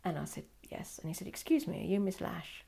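An older woman recalls her past in an interview. Her voice sits low with a gravelly edge, and she acts out the dialogue of the people she remembers. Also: brisk. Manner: animated, acts out quoted dialogue. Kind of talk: personal storytelling.

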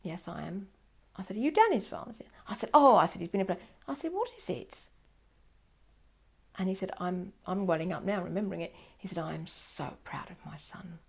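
A woman's voice: mid-range voice, a little fast, gravelly, breathy edge. An older woman telling a personal story in an interview, acting out quoted dialogue. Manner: animated, acts out quoted dialogue.

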